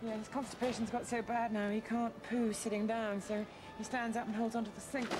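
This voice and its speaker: A woman's voice: fairly high pitch, level tone, a little fast, noisy background, natural voice. Sarcastic British mother, a woman playing her. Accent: British English. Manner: blunt and sarcastic. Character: worn-down, sharp-tongued mother of a sick boy. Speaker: mother of an autistic son. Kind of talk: British TV drama acting.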